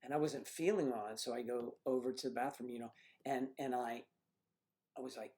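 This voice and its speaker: An older man hosting a livestream, chatting casually through rambling anecdotes with frequent restarts and throat clearing. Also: medium pitch, steady tone, fairly quick, warm tone. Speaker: livestream host. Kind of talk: casual chat reading viewer comments. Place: home livestream setup.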